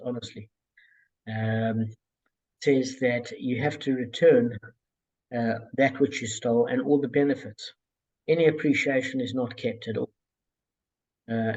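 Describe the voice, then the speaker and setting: A man leading a casual group study over a call, talking in a relaxed, digressive way with many fillers and a gravelly, husky voice. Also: medium pitch, highs cut off. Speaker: Talmud study group leader.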